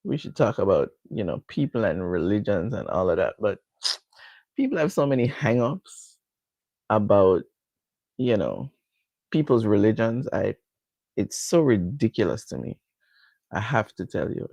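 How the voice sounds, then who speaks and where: A woman's voice: extremely low pitch, very animated, moderate pace, gravelly, a little mellow, slightly rough, dry recording. A middle-aged woman with a Jamaican accent chatting casually with viewers during a live hair care stream, laughing often and answering them directly.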